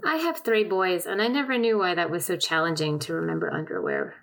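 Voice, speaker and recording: A woman's voice: lowish voice, very animated, brisk, gravelly, noisy background. A woman co-hosting a podcast, a mother of three chatting casually and teasing the others. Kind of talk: casual chat.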